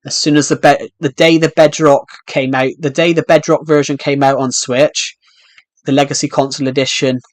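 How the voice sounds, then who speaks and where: A man's voice: a little high, flat delivery, normal speed, no room sound. A young British man chatting casually while streaming a game, rambling with frequent restarts. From United Kingdom. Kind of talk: casual live-stream chat while playing.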